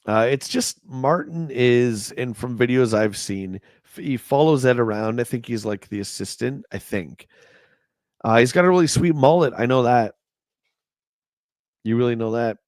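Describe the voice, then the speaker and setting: A man with a medium-pitched, somewhat dark voice hosts a casual livestream in clean studio quality with no echo. He reads old magazine reviews aloud, tossing in wry, joking asides and chatting back to his live chat.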